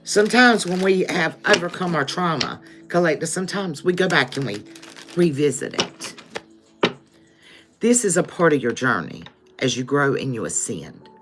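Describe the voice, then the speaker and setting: A woman's voice: low voice, animated, normal speed, music in the background. A woman giving a live-stream tarot reading, addressing her viewers as "collective" and checking in with "okay?" often. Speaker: tarot reader.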